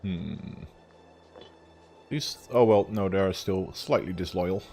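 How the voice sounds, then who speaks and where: A man's voice: sits low, slow pace, vocal fry, darkish tone. Dry, laid-back gamer man. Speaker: player in a multiplayer strategy game. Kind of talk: casual gaming chat over voice call. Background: game music.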